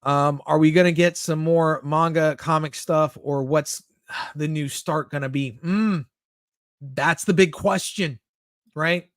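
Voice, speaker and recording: A man's voice: fairly high pitch, fairly even intonation, slow pace, dry recording. Candid, swearing young man streaming. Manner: candid, swears often, reads chat messages aloud and answers. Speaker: streamer reading live chat. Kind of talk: casual live-stream chat.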